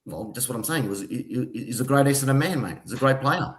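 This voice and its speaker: A man's voice: mid-range voice, animated, quick pace, reverberant. An Australian man in a footy debate who rambles, stumbles and repeats his words as he defends his club. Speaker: podcast co-host. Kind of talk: heated footy banter.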